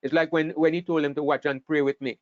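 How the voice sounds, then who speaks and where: A man teaching an online Bible class, talking in an animated way and sometimes repeating words as he thinks. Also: fairly high pitch, fast, no room sound. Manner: animated, acts out scripture quotes, repeats words while thinking. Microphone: online call microphone. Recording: dull, dry online call audio.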